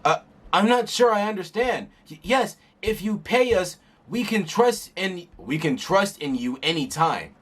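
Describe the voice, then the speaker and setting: A man's voice: sits high, big pitch swings, a little slow, fairly bright tone, husky, full character voice. A man voicing an indignant, pleading male traveling peddler with a whiny, protesting manner.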